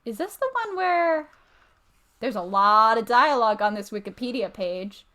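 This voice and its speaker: A woman's voice: on the high side, animated, normal speed, bright, forceful tone. Young woman cohost chatting casually, chimes in a lot. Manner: chatty, interjecting with corrections. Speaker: podcast co-host. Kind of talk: casual chat.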